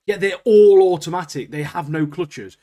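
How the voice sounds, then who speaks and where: A man co-hosting a podcast in easy, profane chat. His voice sits a little high for a man, and he rants with lively energy and frequent laughs. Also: normal speed. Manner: animated ranting, laughs often, swears freely. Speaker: podcast co-host. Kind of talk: casual chat.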